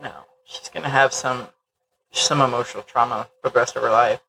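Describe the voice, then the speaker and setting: Podcast host, casual chat, sarcastic, laughs often, wry, gravelly fry in the voice. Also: medium pitch, fairly even intonation, a little fast, background noise.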